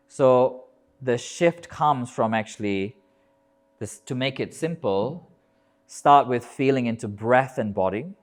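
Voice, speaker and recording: Emphatic male yoga teacher. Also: mid-range voice. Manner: emphatic, rhythmic lists, casual swearing. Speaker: yoga teacher giving a talk. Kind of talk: live motivational talk. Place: yoga festival talk, indoors.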